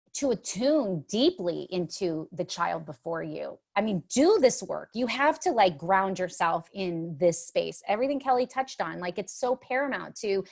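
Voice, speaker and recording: A middle-aged woman speaking as a panelist on a motherhood livestream, talking in an expressive, emotional way with many restarts. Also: fairly low pitch, creaky. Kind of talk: casual spoken talk.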